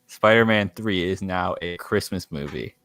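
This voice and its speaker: A man's voice: low voice, normal speed, background noise. A young man co-hosting a podcast, asking curious, thoughtful questions. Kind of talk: casual chat.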